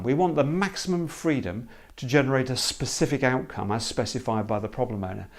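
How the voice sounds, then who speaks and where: A man explaining a creative problem-solving method in an emphatic, animated teaching talk. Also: mid-range voice. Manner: emphatic, animated, acts out hesitant problem owners.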